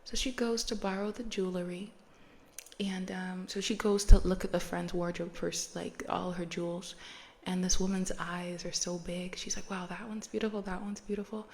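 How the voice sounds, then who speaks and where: A woman's voice: lowish voice, level tone, moderate pace, a little hiss or hum. A woman hosting a podcast who retells a story in a chatty, slangy, casual way and laughs often. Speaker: podcast host.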